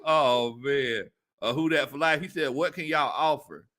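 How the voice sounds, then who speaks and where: A man hosting a casual sports talk stream, reading viewer comments aloud and laughing often. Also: a little slow. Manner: animated, laughs often, jumps into high-pitched squeals. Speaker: sports talk show host.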